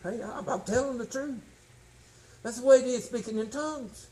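A man preaching a sermon, folksy and emphatic, swinging from shouts to low tones. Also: normal speed, low-quality recording. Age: 60s.

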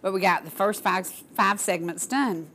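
A woman's voice: medium pitch, a little slow, a bit bright, a little hiss or hum. An older woman from Georgia, hosting a local talk show and chatting casually to viewers in a gushing, folksy way. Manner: gushing, folksy, addresses audience as y'all.

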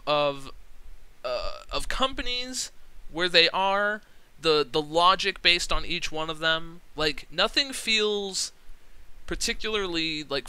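A young man streaming a game, reading its text aloud and gushing with excitement, swearing freely and rambling. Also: fairly high pitch, clean tone, no echo, low-quality recording.

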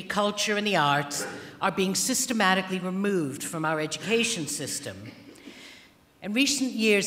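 A woman author giving a festival opening speech, retelling a fairy tale in a dry, ironic, deadpan way. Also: on the low side. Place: large theatre hall. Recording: long reverb of a large hall.

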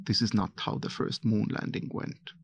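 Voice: moderate pace, over music, natural voice. An actor voicing a weary, wry stranded astronaut narrating his trip in a game.

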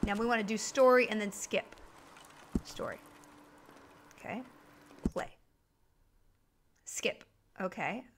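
A woman's voice: mid-range voice, slow, long pauses, noisy background. A woman live-streaming a video game from home, chatting with viewers and reacting to the game crashing. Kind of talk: casual live-stream chat while gaming.

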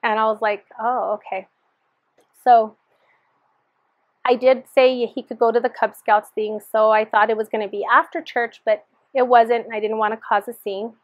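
A woman's voice: on the high side, level tone, normal speed, dry recording. A woman sharing her personal testimony in an earnest storytelling manner, re-enacting the dialogue as she recalls it.

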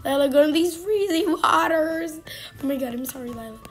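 High-voiced excitable woman streamer. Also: brisk. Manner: excitable, chatty, lots of exclamations. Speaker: gaming streamer. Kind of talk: casual game commentary.

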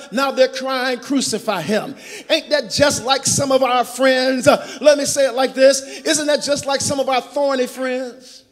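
A man preaching a sermon in call-and-response style, building to shouts. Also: extremely high pitch. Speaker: pastor. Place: large church sanctuary. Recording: long church reverb.

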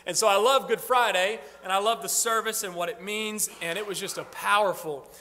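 A man's voice: high-pitched, steady tone, brisk, sharp tone, slight background noise. A male pastor giving a casual, rambling church talk with frequent restarts in a sanctuary. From northern United States. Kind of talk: informal church talk on ministry updates. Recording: long reverb in a church hall.

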